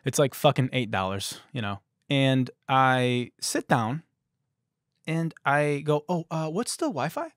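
Animated sarcastic man in his thirties. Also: mid-range voice, slow, no room sound, studio quality. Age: 30s. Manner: sarcastic, animated, puts on voices for quoted people. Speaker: podcast host. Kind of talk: comedic storytelling monologue.

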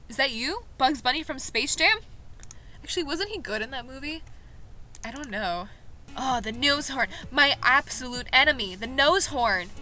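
Bright, excitable young woman vlogger. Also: on the high side. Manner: excitable, self-mocking, quick reactions. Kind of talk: casual gaming commentary. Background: background music.

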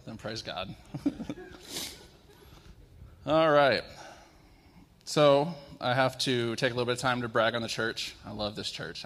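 A man in his thirties preaching in a church, soft-spoken and openly emotional. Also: lowish voice, creaky. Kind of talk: sermon with worship prayer. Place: church sanctuary. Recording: long hall reverb in church.

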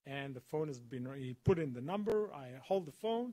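A man's voice: on the high side, lively intonation, moderate pace, dark tone. A man giving a storytelling talk to an audience, dramatically acting out the dialogue. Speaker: guest speaker. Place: college lecture hall.

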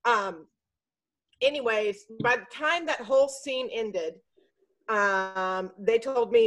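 A middle-aged woman telling a story in casual chat, animated and swearing freely. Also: on the high side, slow, rough recording. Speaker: podcast guest. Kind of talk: casual storytelling on a group video call.

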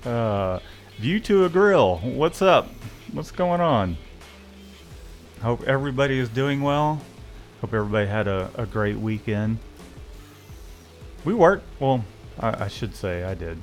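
A man in a relaxed livestream chat, joking and calling out viewers' names. His voice sits at a middle pitch, with faint music playing behind him. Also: measured pace, pauses often. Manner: joking, greets viewers by name. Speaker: livestream co-host.

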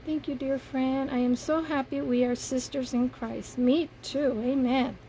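A woman with a fairly high, gravelly voice unboxes craft gifts in a casual vlog. She talks slowly and softly, gushing over every piece with delight. A faint hiss sits under her mellow tone. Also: steady tone, rough recording. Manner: gushing, soft-spoken, admiring each item. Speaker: paper craft vlogger.

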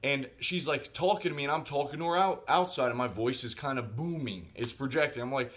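A man telling a personal story in a casual vlog monologue, animated and conversational, speaking directly to his viewers. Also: mid-range voice, fairly quick, few pauses. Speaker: vlogger.

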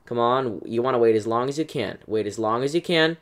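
An excitable young man talks through his gameplay as it happens. His delivery is chatty, with frequent "um"s and direct asides to his viewers. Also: mid-range voice, a little fast. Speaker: gaming YouTuber. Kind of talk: live gameplay commentary.

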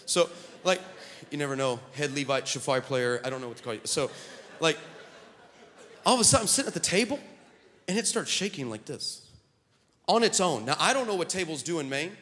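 A man preaching a sermon to his congregation, telling stories with animated humor and jokes. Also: on the high side, brisk, long pauses, long reverb tail. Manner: animated storytelling, joking with the congregation. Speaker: pastor. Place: church sanctuary.

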